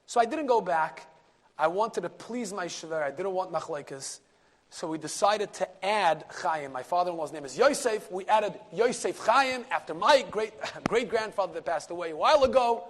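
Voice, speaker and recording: A rabbi and lecturer tells a story in a Torah class, animated in his delivery and dropping to a hush at key moments. He sprinkles in Yiddish and Hebrew words, speaking at a moderate pace in a high-pitched voice.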